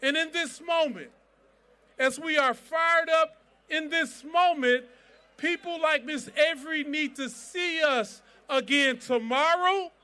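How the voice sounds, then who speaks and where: A man stands before a rally crowd and preaches his cause, repeating lines for rhythm and leading chants. His voice sits very high and rings bright and forceful. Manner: preacher-like cadence, rousing chants, repetition. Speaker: civil rights organization president. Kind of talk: fiery rally speech.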